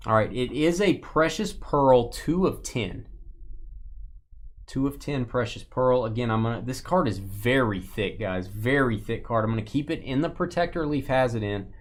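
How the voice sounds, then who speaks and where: A man's voice: medium pitch, normal speed. A man hosting a live card-breaking stream, chatting casually and joking with viewers as he opens packs.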